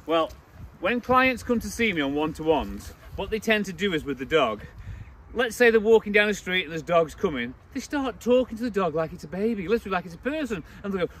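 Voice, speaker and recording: A man's voice: expressive, brisk, a bit bright. A man giving blunt, opinionated dog-training advice to camera, outdoors. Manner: blunt, opinionated, mocks baby talk in a high voice.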